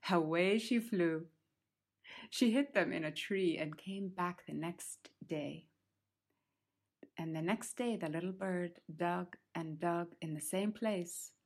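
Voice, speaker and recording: Slow, low-voiced woman telling a folk tale. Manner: unhurried, repetitive, addresses listener as darling. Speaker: storyteller.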